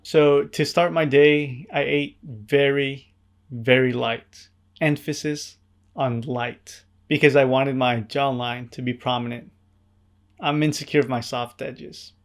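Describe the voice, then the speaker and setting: A man narrating his own vlog in a scripted, deadpan way, with wry asides and an earnest, introverted manner. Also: mid-range voice, a little slow. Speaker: vlogger.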